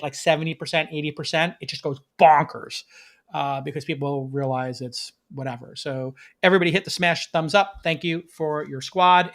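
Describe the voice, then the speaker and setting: A man's voice: fairly high pitch, fairly bright tone. A man hosting a live-streamed show, chatting with his producer and viewers, then reading through tech news. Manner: chatty, upbeat, talks to the audience and producer. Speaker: podcast host.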